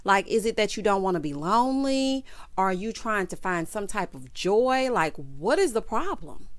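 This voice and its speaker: A woman in her fifties giving a sassy, animated recap commentary on a reality show. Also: mid-range voice, no echo. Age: 50s. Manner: sassy, animated, drawn-out teasing.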